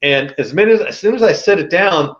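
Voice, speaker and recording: A man as a podcast guest telling a story in a casual, animated way, with a lot of slang. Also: a little high, moderate pace, echoey room, muffled recording.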